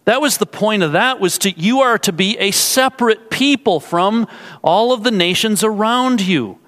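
A man's voice: sits high, expressive, normal speed, fairly bright tone. A man preaching an expository sermon, explaining carefully and putting rhetorical questions to his listeners. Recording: long hall reverb.

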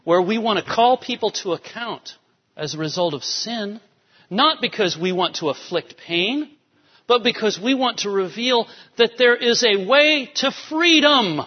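A male pastor giving an animated sermon, swinging between soft, quiet lines and emphatic rises. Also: sits high, a little slow. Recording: dull sound with long hall reverb.

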